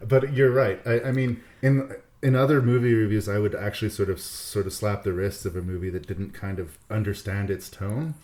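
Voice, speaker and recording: A man talking films on a podcast in a relaxed, dry, casual way, with an easy curse here and there. His voice sits on the low side. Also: moderate pace. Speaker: podcast co-host reviewing films. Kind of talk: casual film review chat.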